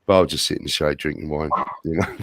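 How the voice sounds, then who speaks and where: Very low gravelly man, hesitant. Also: moderate pace, fairly bright tone, no room sound. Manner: hesitant, lots of fillers. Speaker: podcast co-host. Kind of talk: casual chat.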